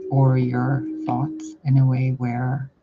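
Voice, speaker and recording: A man's voice: mid-range voice, completely flat delivery, takes it slowly. A man delivering a casual channeled spiritual message, rambling and blunt, with casual swearing. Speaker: spiritual reader. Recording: dull lo-fi audio with loud background noise.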